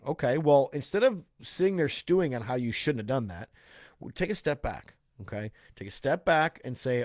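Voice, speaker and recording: A man's voice: medium pitch, animated, normal speed, a little mellow, no echo, studio quality. A man giving a casual self-help talk, explaining step by step and often checking in with "right?" and "okay?". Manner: casual, loose phrasing with restarts and "like".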